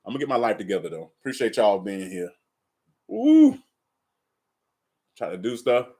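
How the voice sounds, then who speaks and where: A man's voice: fairly low pitch, quick pace, a little mellow. Laid-back man streaming from home, talking straight to viewers, swears freely. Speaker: tarot reader and live stream host. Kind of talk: casual live stream chat and reading aloud. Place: at home in an apartment.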